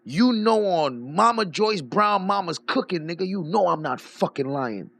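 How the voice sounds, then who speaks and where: A man telling a story in a casual rant, profane and animated, breaking into laughter as he talks. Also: high-pitched, measured pace, vocal fry, no room sound. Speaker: streamer.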